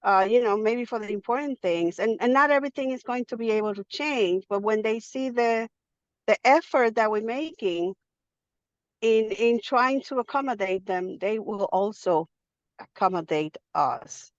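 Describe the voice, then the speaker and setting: Woman, higher voice, calling from a car, dull dry audio, hurried, halting. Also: expressive, no room sound. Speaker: director of religious education. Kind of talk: casual call-in sharing. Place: car while driving.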